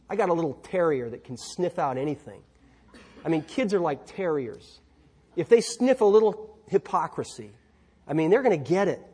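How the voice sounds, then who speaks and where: A man's voice: a little high, darkish tone, breathy edge. A man preaching a sermon in a church, conversational, with asides and rhetorical questions. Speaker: pastor.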